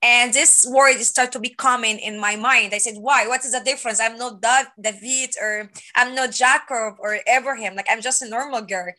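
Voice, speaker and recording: A young woman from Egypt, sharing her faith testimony earnestly in halting, filler-filled English. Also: on the high side, steady tone, bright, forceful tone, rough recording. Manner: earnest, halting non-native phrasing with many fillers.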